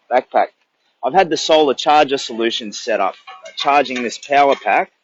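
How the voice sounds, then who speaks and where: A man's voice: medium pitch, muffled recording, a little hiss or hum. An older man with an Australian accent, chatting in a rambling, casual way on a livestream during a long charity walk. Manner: rambling, chatty, thinks aloud.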